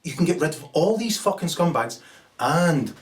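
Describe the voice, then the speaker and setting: A man's voice: a little high, lively intonation, normal speed. Sweary man ranting, slightly distant. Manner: angry, profane and sarcastic, acting out scenes. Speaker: political commentator. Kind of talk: ranting monologue.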